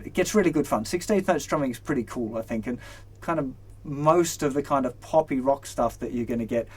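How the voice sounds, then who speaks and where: A young man teaching a guitar lesson, relaxed and encouraging, counting beats aloud as he plays. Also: mid-range voice, a little fast, slightly rough. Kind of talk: instructional lesson. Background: guitar strumming.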